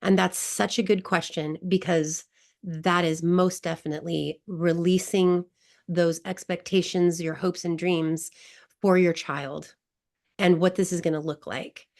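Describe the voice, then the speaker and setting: A woman's voice: on the low side, steady tone, measured pace. A woman guest coach who tells a personal story in an online wellness class, emotional and laughing often. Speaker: grief recovery guest coach.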